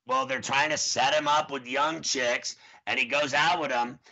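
Over dull lo-fi audio, a gravelly, mid-range male voice moves at a moderate clip. He's a podcast host in his forties, rambling through stories in casual chat and animatedly performing other people's quotes.

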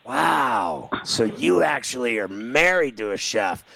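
A middle-aged man hosting a casual chat, telling animated stories and acting out quotes. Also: mid-range voice, slow pace, vocal fry, no room sound, low-quality recording. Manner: animated storyteller, acts out quotes.

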